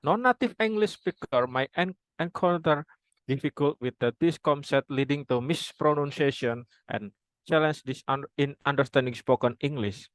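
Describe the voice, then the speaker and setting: A young man reading a prepared phonology presentation aloud, formal wording with halting restarts. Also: a little high, fairly bright tone, no echo, rough recording. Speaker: student presenter.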